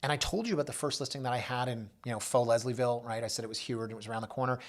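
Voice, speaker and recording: Guy from canada talking real estate, casual chat, jumps into voices when he tells a story. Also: racing. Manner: storytelling, acts out quoted voices with big pitch jumps. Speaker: realtor and show host. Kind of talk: casual monologue review.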